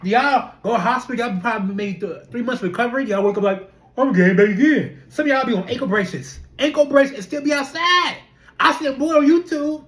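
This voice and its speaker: A young adult speaker, chatting straight to camera. The talk is loose and animated, looping through rhetorical questions and repeated fillers. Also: mid-range voice, brisk. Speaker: vlogger. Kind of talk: casual talking-to-camera monologue.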